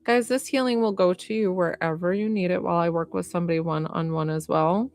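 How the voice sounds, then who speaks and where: A woman who works as a medium and healer speaks gently and unhurriedly to viewers during a live-stream reading and healing session, using frequent fillers. Her voice is lowish with fairly even intonation and a brisk pace, and the recording is dry.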